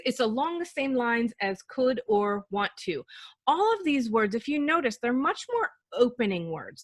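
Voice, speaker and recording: A woman's voice: fairly high pitch, no room sound. A woman coaching parents on how to talk to their children, earnest and encouraging, sometimes acting out sample phrases. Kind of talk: instructional talk.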